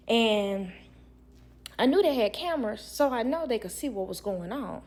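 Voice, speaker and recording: A young woman who works as a nanny, telling a work story to viewers in a blunt, animated way. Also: on the high side, moderate pace. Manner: blunt, animated, acts out others' lines.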